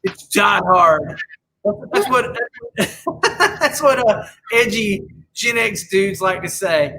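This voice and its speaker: A man's voice: sits high, lively intonation, slow, fairly bright tone, low-quality recording. A man co-hosting a podcast in casual chat, opinionated and rambling, often restarting his sentences. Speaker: podcast co-host.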